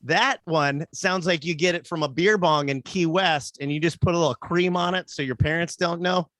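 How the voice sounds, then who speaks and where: A man's voice: on the high side, moderate pace, fairly bright tone, no room sound. A man doing a stand-up comedy set, telling rambling stories with lots of asides.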